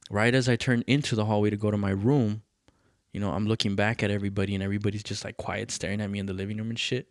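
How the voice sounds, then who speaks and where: A man's voice: fairly low pitch, racing, dry recording, studio quality. A man hosting a podcast, telling a personal story in casual, profane chat and acting out what people said. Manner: profane, animated, acts out quoted voices. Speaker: podcast host.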